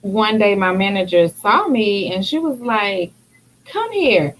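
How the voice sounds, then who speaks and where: A woman's voice: medium pitch, animated, unhurried, a little hiss or hum, rough recording. A woman hosting a talk show, candidly and reflectively sharing her own experience in casual conversation. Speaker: podcast host.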